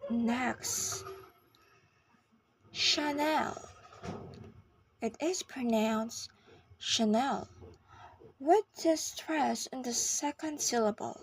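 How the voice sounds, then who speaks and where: Slow, breathy woman teaching pronunciation. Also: a little high, darkish tone, no echo. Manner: slow, careful enunciation with long pauses. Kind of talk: scripted pronunciation lesson.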